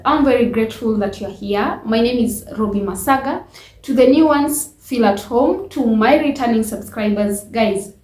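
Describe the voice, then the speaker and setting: A channel host opening a reaction video in a welcoming, grateful way, pausing with fillers. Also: female voice, on the high side, a little mellow, reverberant, slight background noise.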